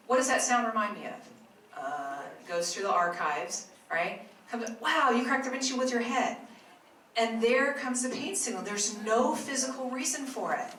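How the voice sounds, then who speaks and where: A woman's voice: on the high side, fairly bright tone. A woman who works as a health practitioner, giving a talk to a live audience in a chatty storytelling way with asides to her listeners. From Arizona, US. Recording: echoey room, mic at a distance, faint noise.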